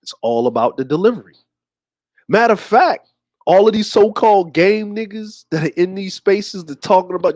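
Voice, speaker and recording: A man's voice: high-pitched, expressive, normal speed, a little mellow, dry recording, clean studio sound. A man hosting a show, talking to his audience in a slangy, rambling way. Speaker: host. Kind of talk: casual commentary.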